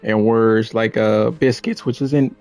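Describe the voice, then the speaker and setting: A man with a New York accent talks over a game he is playing, rambling, losing his thread and swearing as he goes. His voice sits at a middle pitch. Faint music plays under him. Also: flat delivery, normal speed, a little mellow. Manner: rambling, self-correcting, profane. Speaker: gaming streamer. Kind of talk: casual gameplay commentary.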